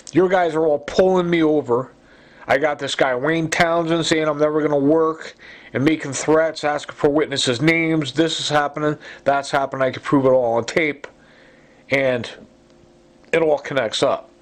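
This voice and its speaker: A man's voice: a little high, steady tone, normal speed. A man in an urgent, rambling monologue, accusing people and stacking fillers and asides as he talks. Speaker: self-recorded complainant. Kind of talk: agitated monologue.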